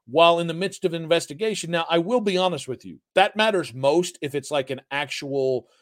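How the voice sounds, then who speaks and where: A man's voice: on the high side, brisk. A man co-hosting a sports podcast, blunt and sarcastic, swearing freely in casual debate.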